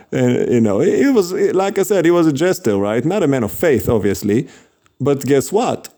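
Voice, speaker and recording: Mellow-voiced man telling a story. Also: fairly high pitch, animated, normal speed. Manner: chatty, laughs often, many fillers. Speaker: street preacher telling a story. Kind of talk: casual storytelling.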